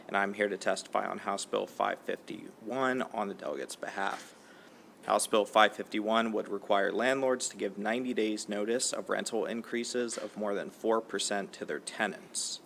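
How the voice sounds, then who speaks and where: Man, low voice, gravelly, chief of staff, formal prepared testimony, measured. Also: a bit bright, a little hiss or hum. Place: legislative committee hearing room.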